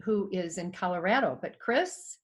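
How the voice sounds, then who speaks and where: A woman's voice: lowish voice, animated, moderate pace, breathy edge. A woman hosting a panel on a video call, chatty and enthusiastic as she introduces guests. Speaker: host.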